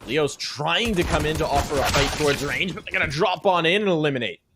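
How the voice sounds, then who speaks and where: A man giving steady, measured play-by-play of an esports match. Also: fairly high pitch, very noisy. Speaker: esports caster. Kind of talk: play-by-play commentary.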